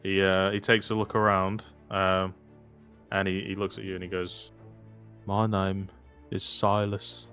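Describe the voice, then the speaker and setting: A man acting as game master, narrating a tabletop game in a relaxed, hesitant way. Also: low voice, moderate pace, faint music behind. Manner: relaxed, hesitant, many ums and restarts.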